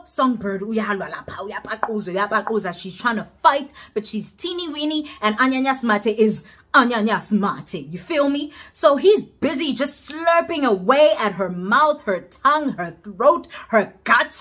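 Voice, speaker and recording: A woman with a South African accent telling a personal story in a storytime vlog, animated, dramatic and emphatic. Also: fairly high pitch, a little slow.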